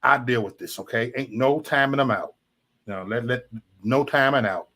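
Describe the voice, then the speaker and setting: This medium-pitched male streamer sounds pushed and bright, speaking at a moderate pace. He rants casually but angrily at his chat, repeating himself and swearing constantly.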